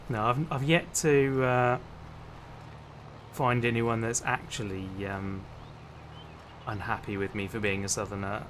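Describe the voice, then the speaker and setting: Slow-talking English livestreamer man. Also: medium pitch, steady tone, a bit bright. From Hampshire, England. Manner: chatty, laughs often, greets viewers. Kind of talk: casual gameplay chat. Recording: clear game noise behind.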